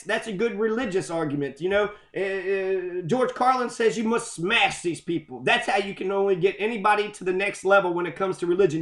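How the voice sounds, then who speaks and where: A man with a high voice tears through a loose, excitable rant, cursing in nearly every line. His voice rings in an echoey room. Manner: heavy swearing, loose and excitable. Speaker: commentator on quotes. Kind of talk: profane rambling rant.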